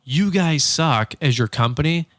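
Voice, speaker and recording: A man's voice: on the high side, expressive, unhurried, fairly bright tone, no echo, clean studio sound. A man co-hosting a casual business podcast, rambling and joking, with frequent laughs. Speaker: podcast co-host.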